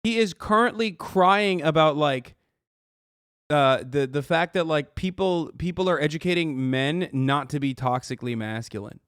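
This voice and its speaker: A man's voice: fairly high pitch, normal speed, fairly bright tone, clean tone, no echo, clean studio sound. A male streamer doing reaction commentary, talking in a profane, incredulous and mocking way. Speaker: streamer host.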